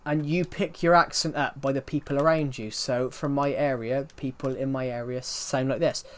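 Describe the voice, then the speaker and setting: Steady in tone and mid-range in pitch, the young British gamer talks at a normal speed on his live stream. He rambles and repeats himself with frequent "um" and "if you get what I mean," in a non-London British accent.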